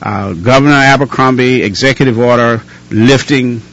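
A man's voice: medium pitch, moderate pace, gravelly, a bit bright, lo-fi sound. Emphatic, folksy male radio host. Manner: emphatic, folksy, talks over the caller. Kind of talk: call-in radio talk.

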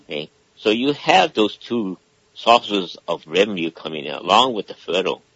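Deep, husky caller explaining at length. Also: male voice, very animated, normal speed, fairly bright tone, no echo, highs cut off. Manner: explaining at length, keeps checking in with "okay?". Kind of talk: casual call-in talk.

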